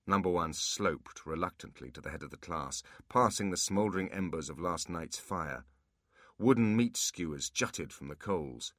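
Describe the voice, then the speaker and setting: A man narrating a fantasy audiobook with expressive storytelling. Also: low-pitched, dry recording, clean studio sound.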